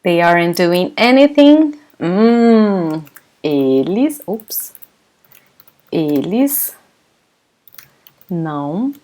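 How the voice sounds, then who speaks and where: A woman's voice: on the low side, sing-song, extremely slow, pauses often, a little mellow. A Brazilian woman with a Brazilian Portuguese accent, a native Portuguese speaker teaching a live online language lesson, encouraging her students and often laughing as she reads out their comments.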